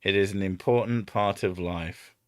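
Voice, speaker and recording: A man's voice: deep voice, steady tone, moderate pace, clean tone, no room sound, clean studio sound. A man with an Edinburgh Scottish accent, hosting a live stream in rambling casual chat, swearing and trying out silly impressions. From Scotland. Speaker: streamer host.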